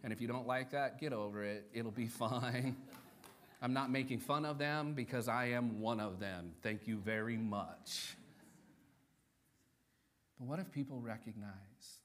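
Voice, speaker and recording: A man preaching as pastor in a church service, rising to loud, animated peaks and dropping soft for solemn points. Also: medium pitch, unhurried, slight background noise. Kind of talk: sermon. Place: church sanctuary during a service.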